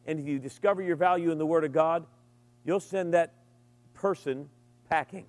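Middle-aged guy preaching, kinda high voice, lively and jokey, big echoey hall. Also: normal speed. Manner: animated, humorous preaching with sudden emphatic rises. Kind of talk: sermon. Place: large hall with an audience. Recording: long reverb from a large room.

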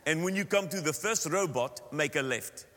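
A man's voice: fairly high pitch, normal speed, bright, forceful tone. A man voicing a blunt South African local with an Afrikaans accent who gives road directions matter-of-factly. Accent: Afrikaans South African English. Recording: sermon in a reverberant hall.

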